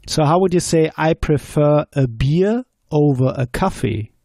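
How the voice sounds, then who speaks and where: A man teaching German grammar on a podcast, slowly explaining and asking quiz questions. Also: fairly high pitch, animated, gravelly, dark tone, no room sound, clean studio sound. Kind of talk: podcast language lesson.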